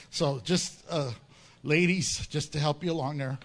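During a sermon, a pastor spins a story full of jokes, voicing each character's lines himself. He speaks on the high side and takes his time.

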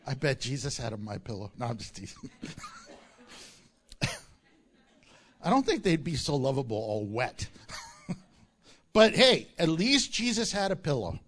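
A man's voice: medium pitch, sing-song, measured pace, pauses often, a bit bright. A man preaching a sermon, reading scripture and breaking into joking asides and acted-out quotes. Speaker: pastor.

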